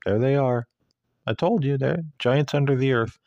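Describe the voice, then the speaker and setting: A man mimicking a calm, matter-of-fact woman who is filming sounds coming from a hole in a riverbed, in a smug, sing-song way. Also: mid-range voice, normal speed, dry recording, lo-fi sound, pitched above the performer's own voice, close to an everyday voice.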